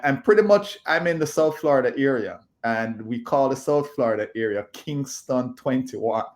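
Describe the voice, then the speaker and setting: A man in his fifties, speaking as an interview guest in a halting way with many fillers and restarts. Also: medium pitch. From Jamaica. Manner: halting, filler-heavy speech. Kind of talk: casual interview talk.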